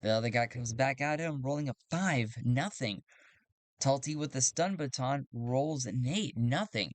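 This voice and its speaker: A man narrating a solo tabletop game, thinking aloud and getting excited over dice rolls. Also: mid-range voice, unhurried, no room sound. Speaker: solo game player and game master.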